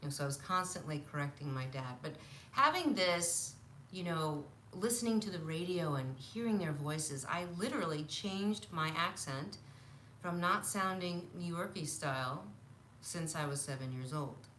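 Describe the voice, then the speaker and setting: Animated fifty-year-old woman, bright tone. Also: sits low, moderate pace, a little hiss or hum. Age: 50s. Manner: animated, laughs often, acts out quotes. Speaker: live stream host. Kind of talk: casual storytelling on a live stream. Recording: roomy echo.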